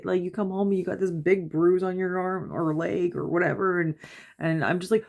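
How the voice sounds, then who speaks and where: A woman in her thirties, a mother, rambling casually in a home vlog, laughing often and getting animated when she quotes herself. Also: on the low side, fairly quick, gravelly. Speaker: mother and vlogger. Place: at home before bed.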